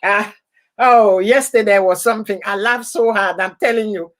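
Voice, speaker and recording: A woman hosting a casual live stream, laughing often and heartily as she chats and repeats her warm goodbyes and thank-yous. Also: medium pitch, steady tone, normal speed.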